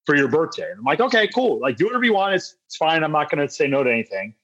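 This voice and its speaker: A man's voice: fairly high pitch, big pitch swings, rapid-fire, a bit bright, lo-fi sound. A man in his late twenties, co-hosting a podcast, animatedly telling a casual story and acting out his friends' lines. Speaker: podcast co-host.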